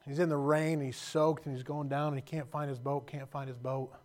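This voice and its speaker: Guy preaching, gets loud then real quiet, emotional storytelling, mid pitch. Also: level tone, brisk. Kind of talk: sermon.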